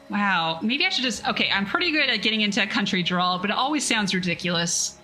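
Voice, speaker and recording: A woman's voice: medium pitch, lively intonation, fast talker, few pauses, bright, forceful tone, faint music behind, low-quality recording. A woman reading a science fiction story aloud on a casual livestream, breaking off for chatty, self-mocking asides.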